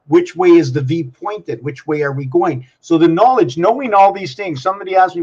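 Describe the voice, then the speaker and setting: A man's voice: fairly high pitch, moderate pace, darkish tone, husky, muffled recording. A man hosting his own vlog, musing aloud in a wandering, free-associating way and talking to himself and the camera. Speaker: channel host. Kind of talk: rambling solo vlog musings.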